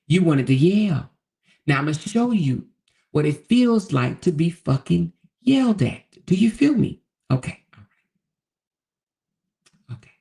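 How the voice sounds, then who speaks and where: Sassy, gravelly woman from DC. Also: low-pitched. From Southeast Washington, DC. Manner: sassy, profane, talks straight to viewers. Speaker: livestream host. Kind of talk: unfiltered gossip commentary to a live chat.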